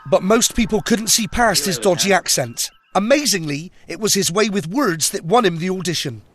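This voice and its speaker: A male TV presenter hosting and narrating a comic documentary, excitable and given to whooping shouts. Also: high-pitched, normal speed. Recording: narration over loud music.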